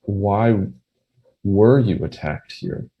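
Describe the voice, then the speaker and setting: A man playing a tabletop game, asking careful, deliberate questions. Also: fairly low pitch, lo-fi sound. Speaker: player. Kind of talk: tabletop game play, casual.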